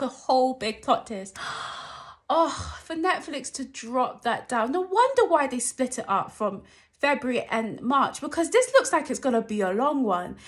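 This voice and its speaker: Gushing woman reacting excitedly. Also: fairly high pitch. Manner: gushing, animated, sudden squeals and shouts. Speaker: YouTube reaction vlogger. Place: at home at night.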